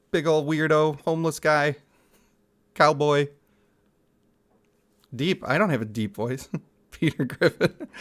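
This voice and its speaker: A young man casually commenting on a mobile game and reading its story aloud, jokey and laughing often. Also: on the high side.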